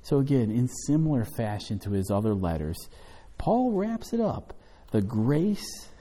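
A man teaching an evening Bible study as pastor, then leading a closing prayer. He speaks in a measured, earnest way and slows down to read scripture aloud. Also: fairly low pitch, mellow. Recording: long hall reverb.

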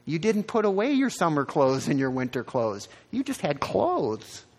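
Husky preacher with soaring pitch jumps. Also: male voice, normal speed. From American Midwest. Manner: animated storyteller, leaps up in pitch for emphasis. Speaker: pastor. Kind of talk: sermon.

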